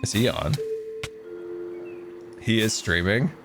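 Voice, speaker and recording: Man streamer, low voice, lively, rambling casual chat, music behind. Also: slow. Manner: chatty, self-deprecating, rambling with fillers. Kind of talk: casual game livestream chat.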